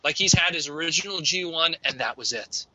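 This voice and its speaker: A man with a high, very bright and forceful voice holds forth in a casual group chat, opinionated and emphatic in long rants. The recording is dry and a little dull, with a lo-fi edge. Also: animated, fairly quick, no room sound.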